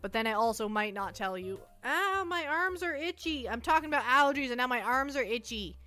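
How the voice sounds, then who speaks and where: A woman's voice: fairly high pitch, expressive, fairly quick, sharp tone, soft background music. A woman live streamer chatting casually in a playful, rambling, self-mocking way, jittery from too much caffeine, at home on a close mic. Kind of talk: casual chat to a live audience.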